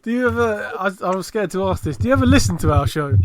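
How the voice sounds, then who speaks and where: A man's voice: high voice, animated, fast. A man co-hosting a podcast, asking questions casually and laughing often. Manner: laughs a lot, asks questions. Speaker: podcast co-host, tennis coach.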